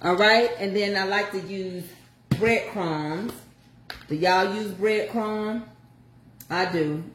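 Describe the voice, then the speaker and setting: A woman's voice: medium pitch, slow pace, pauses often, reverberant, a little hiss or hum. An older woman chatting folksily to viewers as she walks through a home recipe. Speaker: home cook showing a recipe. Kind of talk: casual cooking chat.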